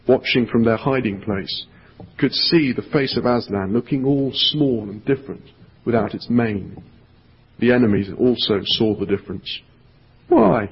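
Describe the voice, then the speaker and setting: A male pastor giving an earnest sermon, reading a storybook aloud and dropping to a hushed voice for emphasis. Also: mid-range voice, breathy edge. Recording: echoey hall, dull lo-fi sound.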